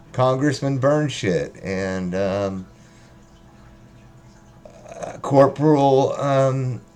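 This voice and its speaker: A man's voice: mid-range voice, a little mellow. A man rambling casually and profanely on a livestream, joking as he talks. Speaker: livestream host.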